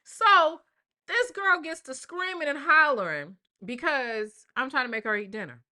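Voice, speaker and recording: Bright-voiced chatty grandmother host. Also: high voice, expressive, measured pace. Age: older. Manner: chatty, slangy, addresses viewers as y'all and baby. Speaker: livestream host. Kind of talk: casual live-stream chat.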